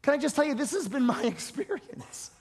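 High-voiced emphatic male pastor preaching. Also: big pitch swings, brisk, a little mellow. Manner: emphatic, repetitive preaching with stammered restarts. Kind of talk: sermon. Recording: reverberant hall.

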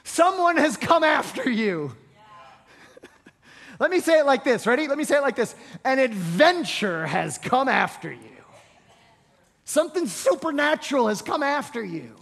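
A man's voice: very high-pitched, sing-song, unhurried, vocal fry, a bit bright. A male pastor preaching a sermon, emphatic and repetitive, often restarting words as he presses a point. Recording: reverberant hall.

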